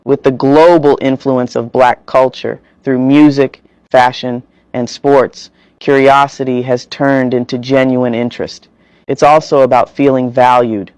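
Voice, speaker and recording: A man reads a scripted voice-over at an even, measured pace. His voice is smooth and resonant, with a dry, close sound. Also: mid-range voice, dry recording, low-quality recording. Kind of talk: scripted narration.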